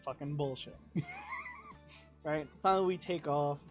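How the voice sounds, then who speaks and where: A man's voice: on the high side, unhurried, music in the background. A young man, a podcast guest, telling a travel story in casual chat, swearing freely and laughing as he talks. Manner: profane, animated, laughs through his story.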